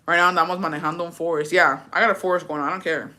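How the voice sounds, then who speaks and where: A young woman hosting a livestream, telling a story in a rapid, profane, casual way and dropping in Spanish words. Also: fairly low pitch, steady tone, pushed and bright. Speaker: livestream host.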